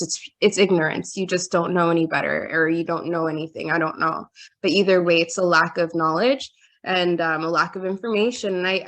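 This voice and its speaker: A woman guest on a podcast, telling a personal story in a chatty, animated way with lots of "like" fillers. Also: on the low side. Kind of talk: casual storytelling chat. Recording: roomy echo.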